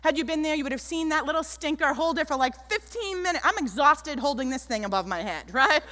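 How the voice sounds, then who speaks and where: A woman giving an animated keynote talk on stage, telling stories and acting out the people in them. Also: high voice, a little fast. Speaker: keynote speaker. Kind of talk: motivational stage talk with storytelling. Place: large auditorium stage. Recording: echoey auditorium.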